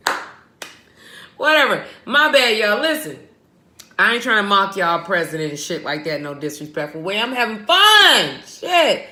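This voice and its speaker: A woman's voice: mid-range voice, normal speed, pauses often, sharp tone, echoey room. Profane laughing woman vlogger. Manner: profane, laughing, sings a chant. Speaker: vlogger commenting on news clips. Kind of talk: casual commentary.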